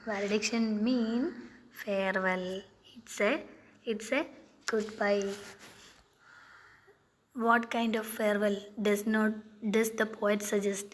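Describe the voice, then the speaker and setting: Slow-talking woman teaching a poem. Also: mid-range voice, steady tone. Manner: asks questions then answers them, halting restarts. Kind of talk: quiz-style poetry lesson. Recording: faint background noise.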